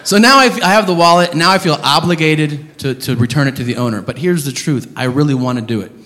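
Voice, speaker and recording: A male stand-up comedian on a comedy stage tells a story in an exasperated, profane, emphatic way, his voice a little high, quick, pushed, and bright. The recording has the reverb of a large hall with audience noise.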